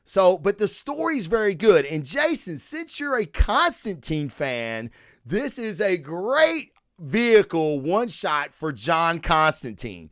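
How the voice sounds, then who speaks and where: A man's voice: high-pitched, very animated, fairly bright tone, no room sound, studio quality. A man hosting a comic book review podcast, talking in a loose, profane, joking way and acting out scenes. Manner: loose, profane, jokey, quick to act out scenes. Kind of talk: casual comic review chat.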